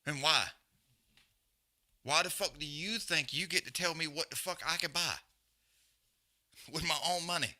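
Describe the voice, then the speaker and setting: A man's voice: fairly high pitch, unhurried, long pauses, pushed and bright. A man hosting a live show, ranting bluntly with constant swearing and emphatic repetition. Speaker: podcast host. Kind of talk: profane rant on a live stream.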